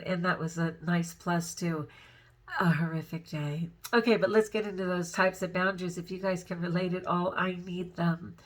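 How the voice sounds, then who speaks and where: Giggly, rambling woman vlogger. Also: lowish voice. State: overtired and upset. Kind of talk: casual personal vlog.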